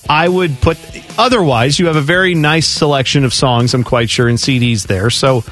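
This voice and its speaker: A man's voice: mid-range voice, moderate pace, fairly bright tone, soft background music. A man co-hosting a radio show, laughing often and weighing questions with chatty asides. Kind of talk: casual sports-radio banter.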